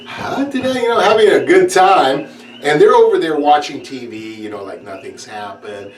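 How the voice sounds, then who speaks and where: A man doing stand-up comedy, telling a story, laughing as he goes and putting on high voices. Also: expressive, moderate pace. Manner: laughs through his own story, acts out characters in high voices. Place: stage with audience. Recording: roomy, distant mic, noisy.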